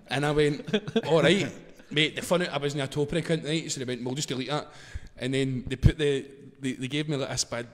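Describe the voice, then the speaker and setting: A man's voice: fairly high pitch, darkish tone. A man with a Glaswegian accent telling a casual story. He swears freely, laughs as he goes and acts out the scenes. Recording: long reverb in a hall-like room.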